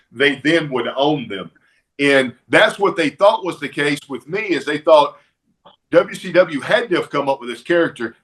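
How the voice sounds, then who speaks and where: Bright-voiced Southern man telling stories. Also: fairly high pitch. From Alabama. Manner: animated, anecdotal storyteller. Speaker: podcast guest, former wrestler. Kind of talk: casual storytelling chat.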